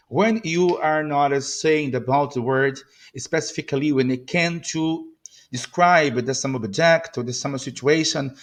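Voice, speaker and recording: A Brazilian man with a fairly high voice leads a beginner pronunciation drill. He says each phrase several times, stretching the stressed words. His English carries a clear Portuguese accent. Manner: repeats phrases slowly with exaggerated stress, switching into Portuguese asides. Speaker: English teacher. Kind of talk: pronunciation lesson with model phrases.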